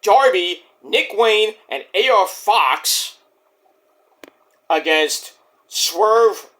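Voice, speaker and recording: A man giving a casual, rambling vlog review of a wrestling show, cursing freely and filling pauses with lots of "uh.". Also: on the high side, pushed and bright. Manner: rambling, profane, many fillers.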